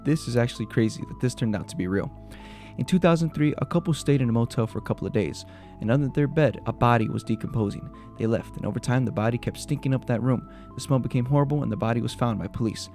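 Here a fast-talking host with a gravelly, medium-pitched voice reads urban legends aloud and reacts to them. His quick delivery blends eerie narration with jokes, and soft background music accompanies him.

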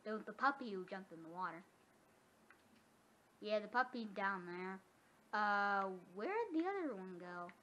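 A woman giving casual gameplay commentary, excitable and often gasping or squealing. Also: mid-range voice, moderate pace, pauses often. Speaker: gamer. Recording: dull lo-fi sound with faint noise.

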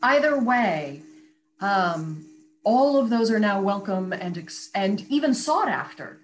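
Woman, voice coach, articulate, animated, explanatory, faint hum behind. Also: medium pitch, slow, rough recording. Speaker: voice coach and radio guest. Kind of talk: conversational interview.

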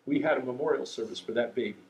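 A man's voice: medium pitch, quick pace, a little hiss or hum. A man preaching a sermon in a conversational way, often checking in with "okay?". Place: church sanctuary. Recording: echoey room.

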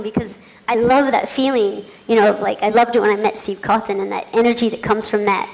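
A middle-aged woman, a jockey, telling a story on a conference panel, talking fast with frequent laughs and fillers. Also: medium pitch, steady tone, vocal fry, noisy background. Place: conference hall.

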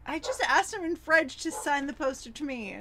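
A woman's voice: high-pitched, expressive, normal speed, a crowd in the background. A woman co-hosting a casual chat over wine, telling a story in a chatty way with many "like"s and easy giggles. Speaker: podcast co-host.

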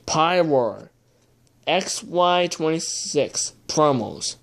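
Young adult unboxing host, slow drawl, mutters and curses under breath. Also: mid-range voice, animated, gravelly, a bit bright. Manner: muttering to themself, swearing in frustration. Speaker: video host opening trading card packs. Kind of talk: casual unboxing commentary.

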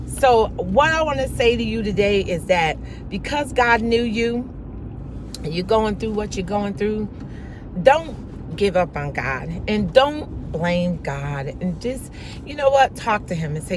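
A woman delivers a devotional message with fervent, prayerful repetition. Her voice sits at an ordinary pitch for a woman, and clear vehicle noise runs under the recording. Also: animated, measured pace. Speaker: preacher. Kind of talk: devotional exhortation.

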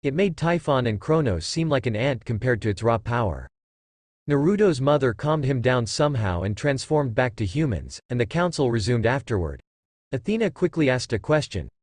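A man reading a fan-fiction story aloud in a steady, even storytelling manner at a middle pitch. The sound is dry and close, with no room around it. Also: moderate pace, no echo. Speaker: narrator.

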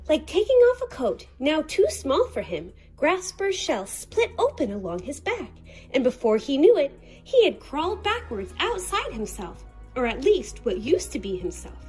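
A woman reads a children's picture book aloud, her high voice rising and falling with lively expression. Her tone is a little husky, and she takes her time over the words. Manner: expressive and slow-paced. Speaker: storyteller.

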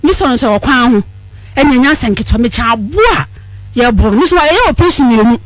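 A woman's voice: fairly high pitch, expressive, fast, no room sound, low-quality recording. A Ghanaian woman calling in to a radio show, telling her story in a tearful, pleading way that rises into outbursts. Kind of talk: emotional phone-in testimony.

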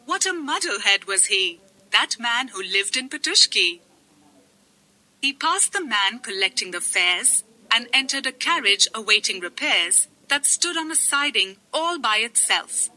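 A woman's voice: a little high, sharp tone, low-quality recording. A woman reading a comic poem aloud in a sing-song recitation. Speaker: poem reader.

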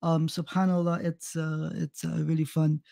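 A man from South America co-hosting a livestream, hesitant with fillers but turning to sharp, mocking put-downs. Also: fairly high pitch, monotone, moderate pace, gravelly, no room sound. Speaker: co-host. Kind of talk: casual livestream chat.

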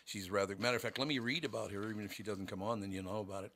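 Casting: low-voiced male radio host, jokey and rambling. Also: fairly even intonation, very fast, a bit bright, no room sound. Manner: joking, rambling storyteller. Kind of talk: casual radio chat.

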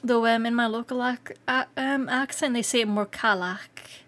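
A Scottish woman streaming live, chatting casually with viewers, excitable and quick to laugh. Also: fairly high pitch, a little hiss or hum. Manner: excitable and giggly, laughs often. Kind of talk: casual livestream chat.

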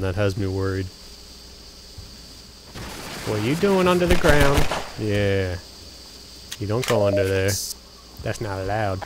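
A young man giving casual, jokey commentary while playing a video game, chatting at the enemies on screen. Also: fairly low pitch. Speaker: let's play gamer. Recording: game noise under voice.

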